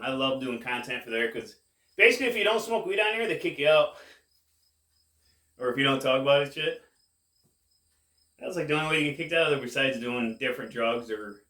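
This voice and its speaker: Man, stoned, rambling vlogger chat, fairly high-pitched, roomy echo. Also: bright, forceful tone, far from the mic. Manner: laid-back, drawn-out, says "man" a lot. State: high, getting more stoned. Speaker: cannabis vlogger. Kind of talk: casual rambling chat to camera.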